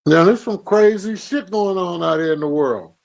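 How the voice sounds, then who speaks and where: A high-pitched man, co-hosting a morning talk show. He talks loud and profane and needles his co-host. His voice sits well above the usual male range. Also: normal speed, gravelly, poor audio. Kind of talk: casual banter.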